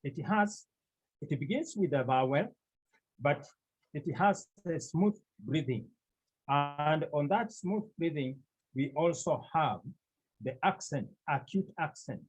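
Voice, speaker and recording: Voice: mid-range voice, lively intonation, takes it slowly, breathy edge. A teacher, patiently explaining step by step in a classroom lesson and repeating each word several times. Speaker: Greek language teacher. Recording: dull lo-fi recording.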